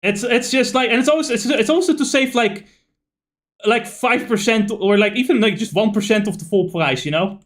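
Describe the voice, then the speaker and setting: A man's voice: very high voice, moderate pace. A man streaming a video game, rambling through stories in casual chat, full of fillers and the odd curse. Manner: rambling, animated storyteller with frequent fillers and swearing.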